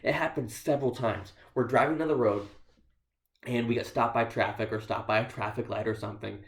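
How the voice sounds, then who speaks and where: A visiting missionary addresses a church congregation, his stories laced with dry humor at his own expense. He talks briskly in a medium-pitched voice with fairly even intonation, and the sanctuary gives the recording a noticeable echo.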